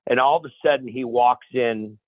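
A man of middle pitch tells energetic, animated stories as a guest, often repeating and restarting his phrases. He calls in over a dry, thin phone line with no room sound. He acts out the quotes with a lively push. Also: normal speed, no room sound. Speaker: guest chef. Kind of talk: animated storytelling on a radio show.

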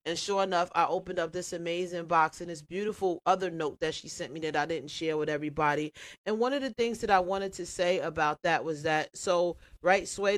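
A woman guest on a radio talk show, telling stories animatedly and acting out the voices of others. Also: low-pitched. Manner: animated storyteller, acts out dialogue. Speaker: guest, radio and cooking personality. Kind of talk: casual radio interview chat.

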